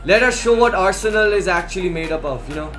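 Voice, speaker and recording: Young male gamer, high voice, casual commentary, quick to yell at the screen, faint music behind. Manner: excitable, yells at the game, says "bro" and "man" a lot. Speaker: gaming YouTuber.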